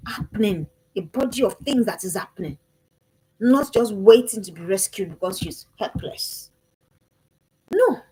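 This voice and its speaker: A woman's voice: medium pitch, warm tone, breathy edge, poor audio. A woman gives an impassioned motivational talk to parents. She speaks emphatically and repeats her calls to action.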